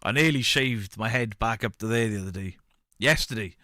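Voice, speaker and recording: A man's voice: lowish voice, fairly quick, dry recording, clean studio sound. A man, streaming and bantering casually with his chat. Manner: banter, reads chat aloud, shouts mock pub-landlord bits.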